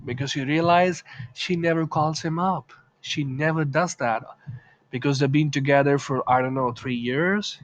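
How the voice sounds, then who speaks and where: A man's voice: fairly high pitch, normal speed. A man teaching English in a casual video lesson, chatting through examples and acting out short lines.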